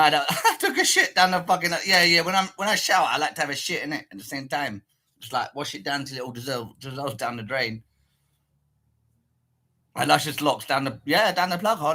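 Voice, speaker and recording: A man's voice: a little high, sharp tone. A man chatting casually with viewers on a livestream, rambling and swearing as he potters about. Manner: rambling and profane, mutters to himself.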